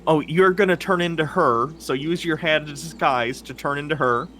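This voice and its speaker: A man playing a tabletop game, excitable and planning aloud, swearing casually. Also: a little high, normal speed, slight background noise. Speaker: player.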